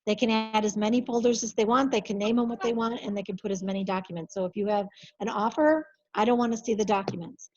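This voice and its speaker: Female trainer, brisk and chatty, mid pitch, muffled lo-fi sound. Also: fairly even intonation, a little mellow. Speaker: compliance coordinator. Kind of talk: software training over video call.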